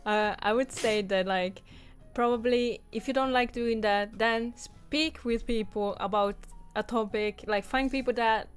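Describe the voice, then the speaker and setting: A woman's voice: a little high, fairly even intonation, a little slow, clear, resonant tone, faint music behind. A woman co-host chatting casually in English as a second language, with many fillers and frequent laughter. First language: not English. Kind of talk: casual chat.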